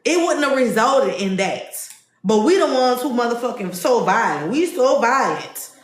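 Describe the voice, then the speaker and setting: A woman's voice: on the high side, very animated, moderate pace. Brief: woman podcast host, heated and profane on a livestream, recorded in a roomy space. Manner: blunt, profane, heated ranting. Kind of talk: casual livestream commentary.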